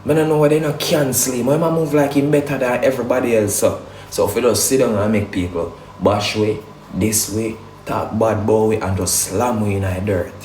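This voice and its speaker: A Jamaican man with a very deep voice rants in a heated, defensive way, throwing in rhetorical questions. His voice bounces around an echoey room. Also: darkish tone, slight background noise. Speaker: livestreamer defending family. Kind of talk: heated casual rant.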